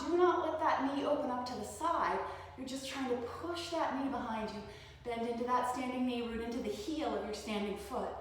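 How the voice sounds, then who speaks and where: Casting: woman yoga teacher, calm encouraging cues, slightly winded, fairly high voice, distant mic in a roomy hall. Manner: calm, encouraging cueing with frequent "right?". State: slightly out of breath while demonstrating. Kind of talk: guided yoga class instruction. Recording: echoey hall, voice from far off.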